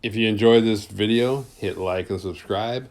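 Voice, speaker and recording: A man with a lowish voice recaps a horror movie in loose, casual vlog talk. He swears freely and keeps slipping into quick jokey impressions of the characters. His delivery is offhand and sardonic. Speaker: horror movie review vlogger.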